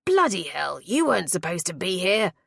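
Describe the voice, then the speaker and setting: A woman's voice: fairly low pitch, big pitch swings, normal speed, creaky, slightly rough, dry recording, studio quality, full character voice. A woman voicing a well-spoken male intruder who talks in a clipped, sneering way, in an audiobook. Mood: curt.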